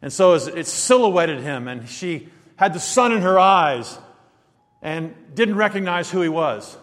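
A man preaching a sermon in an animated way, firing rhetorical questions and acting out quoted lines. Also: fairly high pitch, measured pace, in a large hall.

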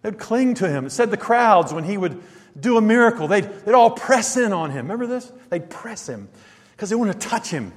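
An older man preaching a sermon, telling stories in a relaxed conversational way and acting out quotes. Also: high voice, big-room sound. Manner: conversational storytelling with acted quotes. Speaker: pastor.

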